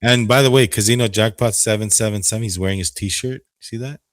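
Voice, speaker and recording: A man hosting a casual podcast, easygoing and quick to laugh. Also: on the low side, no room sound. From Armenian heritage. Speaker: podcast host.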